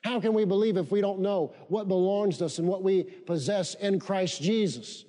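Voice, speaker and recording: A male pastor delivers a sermon in a high yet mellow voice, hammering key phrases through repetition and calling on the congregation to repeat after him. His voice carries a long reverb, as if recorded in a large church hall. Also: moderate pace. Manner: emphatic repetition, leads congregation in call-and-response.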